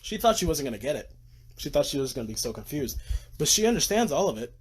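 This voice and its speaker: Male, slightly high voice, very animated. Sleep-deprived, rambling, profane movie fan on a phone stream at home. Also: fast, breathy edge. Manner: gushing, rambling, swears freely. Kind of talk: casual livestream rant. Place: room at home at night.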